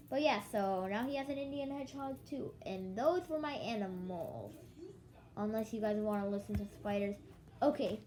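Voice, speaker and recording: A woman's voice: mid-range voice, noisy background. Sleepy young woman rambling casually. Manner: rambling, restarts, quotes others in dialogue. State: yawning, sleepy. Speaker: vlogger.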